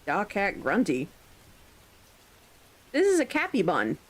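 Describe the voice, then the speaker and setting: Lively, rambling woman streamer. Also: medium pitch, slow pace, low-quality recording. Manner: rambling, chatty, occasional swearing. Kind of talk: casual live-stream chat.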